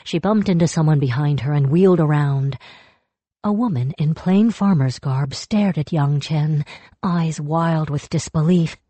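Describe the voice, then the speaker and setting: A woman narrating a fantasy story in a measured, steady way, close to the mic. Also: low voice, dry recording. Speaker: audiobook narrator. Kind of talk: scripted narration.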